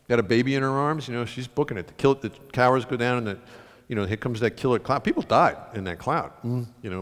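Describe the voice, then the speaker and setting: A man giving a storytelling talk to an audience in a school concert hall, animated and acting out the voices he quotes. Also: medium pitch. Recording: long hall reverb.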